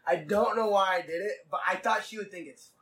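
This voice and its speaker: A man hosting a casual podcast, telling a rambling, profane story in quick bursts. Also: sits high, a bit bright, recorded from a distance, slight background noise, rough recording. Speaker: podcast host.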